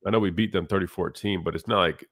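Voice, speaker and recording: A man's voice: low-pitched, steady tone, quick pace, a bit bright, no echo, clean studio sound. A man hosting sports talk radio in a casual, rambling way, his voice nasal and congested. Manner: casual, rambling, many fillers.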